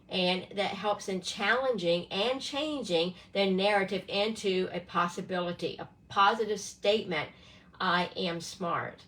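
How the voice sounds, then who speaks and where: A woman's voice: mid-range voice, fairly bright tone, low-quality recording. A middle-aged woman giving a casual live talk as a parenting coach, earnest and coaching, often restarting phrases and checking in with "right?".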